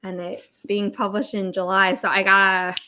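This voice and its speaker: A woman's voice: medium pitch, level tone, normal speed, pushed and bright. A young woman hosting a casual livestream writing session, chatting and answering viewer comments. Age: young adult. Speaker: livestream host, author.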